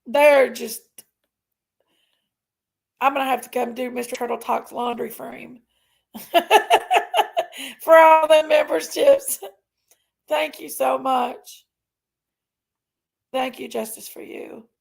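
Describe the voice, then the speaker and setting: A woman's voice: fairly high pitch, steady tone, takes it slowly, creaky, long pauses, breathy edge. A woman chatting casually on a livestream, reading out viewer names and thanking members. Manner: reads out viewer names, thanks members, vents about her sister. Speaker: livestream host.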